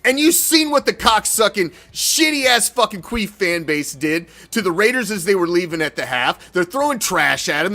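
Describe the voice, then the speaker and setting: Exasperated and swearing, a man hosting a sports fan podcast delivers a heated, profane reaction rant. His voice sits high, with a bright, forceful tone.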